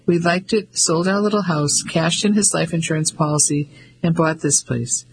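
A woman's voice: lowish voice, moderate pace, background noise, close to an everyday voice. A man voicing a gossipy middle-aged landlady with a Cockney accent, homely and confiding. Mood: chatty.

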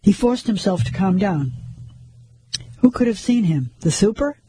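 A man narrating a crime story like an audiobook, measured and suspenseful. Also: high voice, expressive, warm tone, husky, low-quality recording.

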